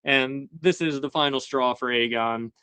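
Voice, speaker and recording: A man hosting a casual episode recap chat, talking in a relaxed way with lots of fillers and chuckling asides. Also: medium pitch, a little slow, clear, resonant tone, no room sound. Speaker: show host.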